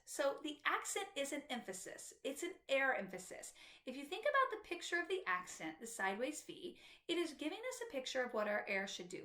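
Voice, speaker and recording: Lively high-voiced woman teaching flute. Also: reverberant. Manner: patient, explanatory teacher talking to students. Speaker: flute instructor. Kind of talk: instructional music tutorial.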